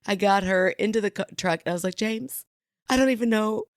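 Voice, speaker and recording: A woman in her thirties co-hosts a podcast, telling a story in a casual, animated way and laughing often. Her voice is medium-pitched and fairly quick.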